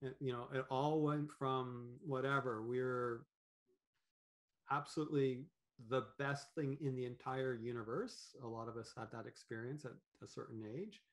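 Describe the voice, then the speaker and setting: A man talking as a podcast guest in an animated, rambling way, with many fillers and restarts. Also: medium pitch, normal speed. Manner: animated, acts out quoted thoughts in voices. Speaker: podcast guest, business owner. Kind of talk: conversational interview.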